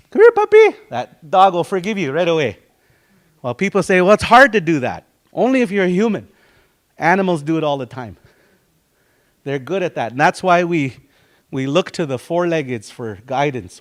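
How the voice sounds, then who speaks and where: Teaching a language and culture class, a man with a Dakota community English accent explains words one at a time and acts out little quotes as he goes. His voice is fairly high.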